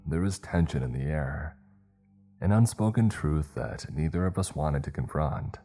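A man reading a horror story aloud in a steady, measured storytelling manner. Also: a bass voice. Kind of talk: scripted horror narration.

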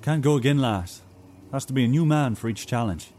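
An actor with an Irish accent playing a laconic pub regular in an audio drama. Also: male voice, mid-range voice, brisk, mellow, close to an everyday voice. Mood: dry. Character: Irish male singer, laconic drinker. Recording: music score underneath.

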